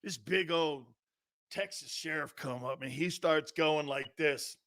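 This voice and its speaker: A man hosting a sports talk show in a brash, joking style, reading out chat and giving shout-outs. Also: a little high, measured pace, no room sound, clean studio sound.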